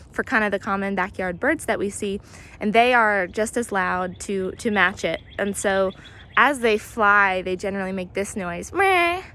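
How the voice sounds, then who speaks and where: A woman guiding an outdoor nature walk, explaining bird sounds in a relaxed way with many pauses and imitating the calls. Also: mid-range voice. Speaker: naturalist guide. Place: outdoors near hedges and compost bins.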